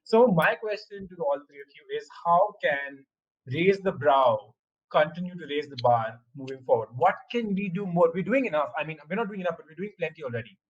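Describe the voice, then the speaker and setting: Man, podcast host, upbeat, animated pitch, lo-fi call with faint music. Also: fairly quick. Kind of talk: casual chat.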